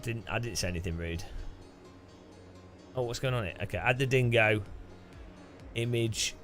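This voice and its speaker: A streamer with a mid-range, slightly bright voice speaks at a moderate pace over faint music. Racing during a casual livestream, he reads viewer donations aloud and reacts with bemused, chatty remarks, laughing often and swearing.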